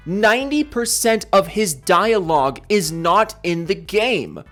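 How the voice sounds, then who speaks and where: A young man talks straight to camera in a casual gaming vlog, his voice sitting a little high and swinging between indignant outbursts and worn-out mumbling. He swears freely as he rants. Faint music plays underneath. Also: moderate pace, few pauses. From Seattle area, USA. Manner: animated, swinging between heated yelling and tired mumbling. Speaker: gaming commentary host. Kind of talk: casual solo vlog rant and member shoutouts.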